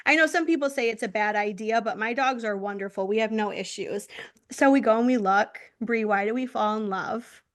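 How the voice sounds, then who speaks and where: A young woman co-hosting a podcast, telling a story in an animated, chatty way. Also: a little high, fairly quick, hardly any pauses. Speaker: podcast co-host. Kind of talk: casual chat.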